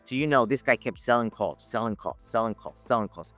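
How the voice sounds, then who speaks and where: A man telling lively anecdotes in a casual podcast chat, laughing and acting out the people he quotes. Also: medium pitch, fairly quick, soft background music. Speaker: podcast guest, options educator. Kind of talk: casual storytelling.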